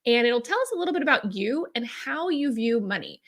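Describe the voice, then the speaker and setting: A woman, chatting casually and upbeat with viewers as the host of a live stream, her voice a bit hoarse and with some throat clearing. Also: fairly high pitch, big pitch swings, a little fast. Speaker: host, accountant and profit strategist.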